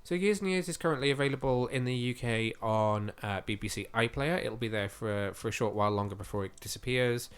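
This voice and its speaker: Guy on a podcast, chatty and keen, mid pitch, bit of a tired voice, faint music behind. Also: brisk, hardly any pauses, smooth. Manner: chatty and enthusiastic, with frequent fillers. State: slightly losing his voice. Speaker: podcast co-host. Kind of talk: casual podcast chat.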